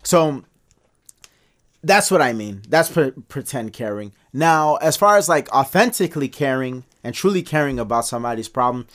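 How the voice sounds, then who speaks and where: A man co-hosting a casual podcast discussion, talking in animated bursts with many restarts and pitch jumps when he makes a point. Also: moderate pace. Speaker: podcast co-host.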